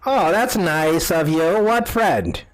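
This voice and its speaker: A man voicing a cranky, arthritic old woman who lives alone in the woods, talking slowly in a grumbling, suspicious way. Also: on the high side, expressive. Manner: slow, grumbling and querulous.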